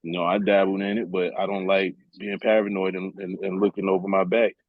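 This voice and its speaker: Laid-back low-voiced man, dull lo-fi sound. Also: flat delivery, brisk, dry recording. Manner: laid-back, streetwise storytelling, chuckles often. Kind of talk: casual heart-to-heart chat.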